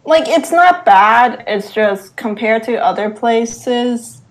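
A woman co-hosting a podcast, chatting casually and calmly giving her take on restaurants. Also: a little high, slow pace. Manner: relaxed, gives opinions on food. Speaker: podcast co-host. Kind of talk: casual chat.

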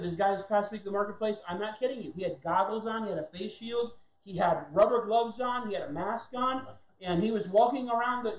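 A man preaching a sermon in a heated, mocking way, sometimes acting out other people's voices. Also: high-pitched. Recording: roomy, dull lo-fi sound.

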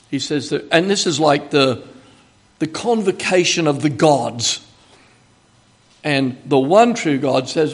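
A man's voice: on the high side, takes it slowly, breathy edge. An older man with an Australian accent, preaching a sermon in a chatty, joking way, with emphatic bursts when he quotes God. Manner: conversational, chatty teaching with asides and humor.

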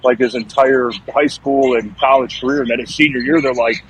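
A man's voice: medium pitch, fairly even intonation, a little fast, slight background noise, low-quality recording. A man in his thirties, a former pro football lineman, telling stories in a casual, profane, rambling podcast chat. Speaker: former NFL offensive lineman guest.

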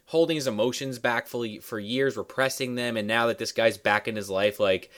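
A man's voice: medium pitch, normal speed, fairly bright tone. A man in a casual movie chat, adding profane asides and reflecting on the characters. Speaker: podcast co-host.

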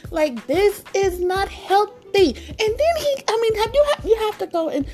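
High-voiced dramatic woman vlogger. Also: animated, moderate pace, a little mellow, soft background music. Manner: dramatic, exasperated, repetitive; laughs often while talking. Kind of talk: casual chat.

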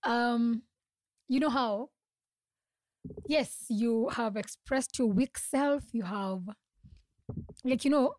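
A woman's voice: fairly high pitch, takes it slowly, pauses often, a little mellow, no echo. A young woman hosts a solo podcast, talking earnestly and confidingly, often laughing and restarting her sentences. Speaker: podcast host. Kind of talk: reflective solo podcast talk.

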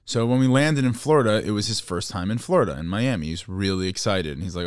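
Low-voiced man telling a rambling story. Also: smooth, no room sound, studio quality. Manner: animated storyteller, quick restarts and playful bickering. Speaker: podcast co-host. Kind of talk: casual chat.

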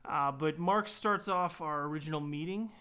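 A man's voice: on the high side, normal speed, clear, resonant tone. A man who works as a tour guide and van driver, telling a story casually with frequent laughs and quoted dialogue. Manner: laughs often, relaxed, lots of restarts and quoted dialogue.

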